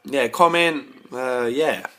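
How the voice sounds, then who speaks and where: A man's voice: medium pitch, slow pace, fairly bright tone. A tipsy man, rambling to camera in a casual rant, stumbling over repeated words and swearing when riled. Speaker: vlogger.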